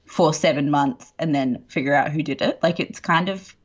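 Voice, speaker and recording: A woman co-host talks in a casual, gushing way, full of "like" and "you know." Her voice is husky and a little low. The recording sounds slightly muffled and lo-fi. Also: moderate pace. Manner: chatty, gushing, lots of fillers. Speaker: podcast co-host. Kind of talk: casual chat.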